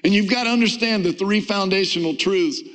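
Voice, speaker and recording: A man preaching a sermon to a church congregation, emphatic, with drawn-out stresses and pitch that climbs on key words. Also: fairly bright tone, long reverb tail, rough recording. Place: church sanctuary.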